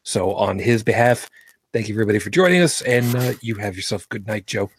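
A man's voice: lowish voice, fast talker, slightly rough. A man hosting a casual livestream chat who rambles, trails off and restarts, and swears offhand. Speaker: host.

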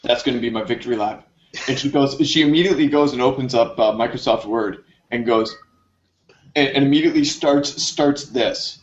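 A man casually telling a long funny story to friends, jumping up in pitch when he acts out his own reactions. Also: fairly quick. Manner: animated, jumps high for quoted reactions. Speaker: podcast co-host telling a story. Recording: dull lo-fi recording.

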